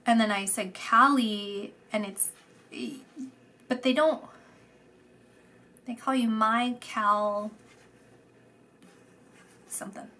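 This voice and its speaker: A woman giving a channelled psychic reading, soft and meandering, repeating words and sometimes dropping into a whisper. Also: a little high, steady tone, slow, long pauses. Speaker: psychic reader.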